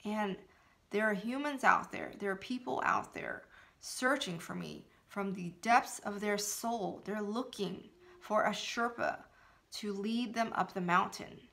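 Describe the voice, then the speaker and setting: Slow, gravelly woman giving spiritual advice. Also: medium pitch, bright, forceful tone. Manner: earnest, emphatic, laughs between phrases. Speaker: spiritual coach. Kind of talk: motivational talk to camera.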